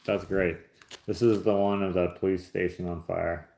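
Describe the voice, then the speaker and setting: Man, lowish voice, casual livestream chat, easygoing and joking, echoey room. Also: flat delivery, normal speed, gravelly, a little mellow. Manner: easygoing, musing aloud, joking. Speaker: host reading live chat and opening gifts. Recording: roomy echo.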